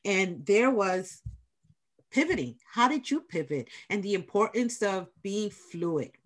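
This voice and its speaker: A woman's voice: medium pitch, lively intonation, a little slow. Emphatic New York woman host. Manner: emphatic, repeats key points, encouraging. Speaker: podcast host, small business center director. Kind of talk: casual interview chat.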